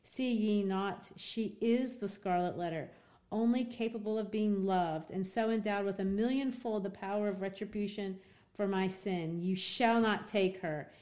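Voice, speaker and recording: A woman's voice: medium pitch, a little slow, darkish tone, natural voice. A woman reading the part of a defiant young mother pleading to keep her child, in old-fashioned formal speech.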